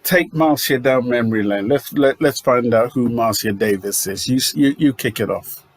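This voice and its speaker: A man's voice: mid-range voice, normal speed. A man in his fifties from England co-hosting a casual radio podcast, jovial and laughing along, often restarting his words. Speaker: podcast co-host.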